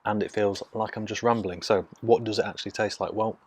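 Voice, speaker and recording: A man, from Nottingham, casually reviewing a beer in hushed, half-whispered tones, recorded on a phone mic out in his garden. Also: lowish voice, fairly even intonation, a little fast, slight background noise. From Nottingham, England. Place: outdoors in a home garden.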